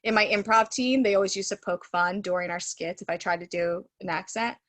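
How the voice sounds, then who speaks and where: She is a woman who teaches Reiki and speaks on a webinar from home through a video call. Her talk is loose and chatty, peppered with "like" and "you know." The sound is close and dry, at an ordinary middle pitch. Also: a little fast, fairly bright tone, dry recording. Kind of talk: casual storytelling in a webinar.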